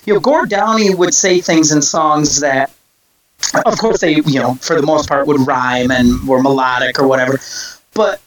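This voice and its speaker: Rambling, excitable male music fan. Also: on the high side, normal speed, low-quality recording. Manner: rambling storyteller, many restarts. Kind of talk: casual chat.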